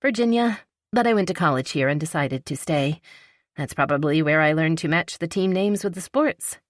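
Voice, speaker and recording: A woman's voice: sits low, expressive, moderate pace, no room sound, clean studio sound. A woman reading a polite, shyly playful young woman. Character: young wealthy woman, warm, slightly shy, playful. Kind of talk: audiobook character reading.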